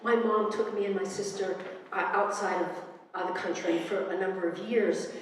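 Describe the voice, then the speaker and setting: A woman's voice: mid-range voice, fairly even intonation, moderate pace. A woman in her sixties tells a personal story to a live audience in a wry, conversational way, with plenty of fillers along the way. She is picked up from some distance by the microphone, and her voice rings out through a big, reverberant hall. A faint hum of the room sits underneath her. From United States. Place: event hall. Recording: echoey hall, distant mic.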